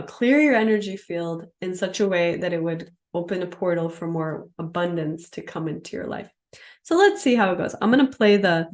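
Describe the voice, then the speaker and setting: A woman's voice: lowish voice, a little mellow. Woman yoga teacher, live online class, casual and explanatory, demonstrating as she goes.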